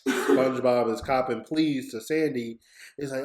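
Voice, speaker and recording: A man co-hosting a podcast in relaxed, slangy casual chat, laughing often. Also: medium pitch, moderate pace. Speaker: podcast co-host. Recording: roomy echo.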